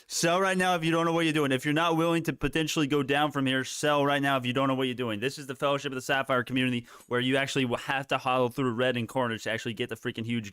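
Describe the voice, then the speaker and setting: A man giving live stock market commentary, excitable and hyped, laughing often and swearing casually. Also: medium pitch, clear, resonant tone, no room sound, clean studio sound.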